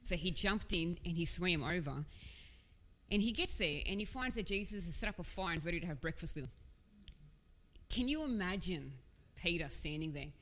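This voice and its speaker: A woman's voice: on the low side, expressive, moderate pace, a bit bright. A woman preaching a sermon in an earnest, conversational way, with casual asides. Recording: long hall reverb.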